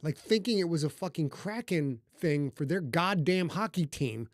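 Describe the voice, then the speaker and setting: A man hosting a casual podcast, talking in an animated, joking way with plenty of swearing. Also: a little high, normal speed, hardly any pauses, dry recording, studio quality. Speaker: podcast host and author.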